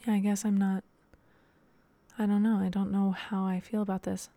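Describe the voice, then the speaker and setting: A woman's voice: medium pitch, little pitch movement, normal speed, warm tone, dry recording. A young woman hosting a casual solo podcast, talking in a rambling, chatty way with lots of fillers. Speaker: podcast host and dance teacher.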